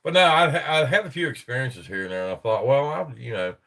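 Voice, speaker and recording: A man's voice: mid-range voice, brisk, creaky, sharp tone, distant mic. A man hosting a paranormal chat show, talking casually and rambling with many restarts. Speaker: podcast host.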